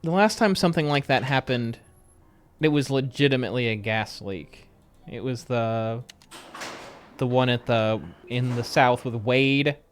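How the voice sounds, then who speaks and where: A man's voice: mid-range voice, a little slow, slight background noise. A man streaming a game, keeping up a dry running commentary and talking back to the game. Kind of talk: casual live-stream gameplay chat.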